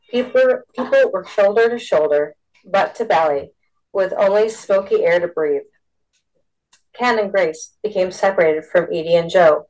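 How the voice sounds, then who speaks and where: A woman narrating a storybook with a steady, expressive delivery. Her voice sits slightly low for a woman. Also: rough recording. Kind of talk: storybook reading.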